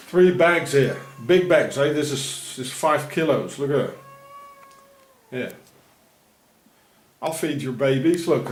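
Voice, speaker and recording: A man rambling in a sardonic monologue while feeding cats, often dropping into low muttered asides. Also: a little mellow. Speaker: vlogger.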